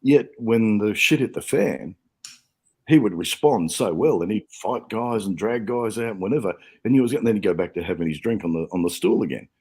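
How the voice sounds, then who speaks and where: Deep-voiced man, reflective guest. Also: normal speed, a little mellow, slightly rough. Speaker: podcast guest. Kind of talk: casual chat.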